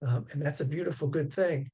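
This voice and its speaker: A man, a Zen teacher, giving a dharma talk over a video call in a gentle, unhurried way, halting often with fillers. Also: a little high, fairly even intonation, breathy edge.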